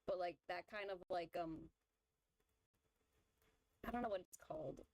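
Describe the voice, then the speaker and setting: A woman's voice: lowish voice, measured pace, a little mellow, poor audio. A woman streamer in casual chat, rambling through her opinions with lots of fillers and restarts. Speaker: vtuber streamer. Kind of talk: casual chat while drawing.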